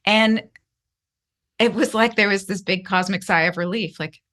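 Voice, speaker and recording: A woman guest telling her story candidly in an interview, earnest, with many restarts and fillers, her voice climbing high when emotional. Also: a little fast, fairly bright tone. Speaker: podcast guest.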